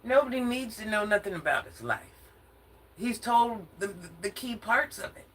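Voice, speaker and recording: A woman's voice: mid-range voice, animated, moderate pace, husky. An older woman from Atlanta ranting casually in a sassy, confrontational vlog, often laughing as she talks. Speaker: social media commentator.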